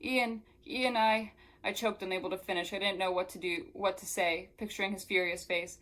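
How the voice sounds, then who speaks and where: A woman's voice: lowish voice, level tone, quick pace, fairly bright tone, poor audio. A young woman reading a novel aloud and breaking off into sarcastic, exasperated commentary filled with "like.". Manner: sarcastic, exasperated asides full of "like". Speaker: book reviewer.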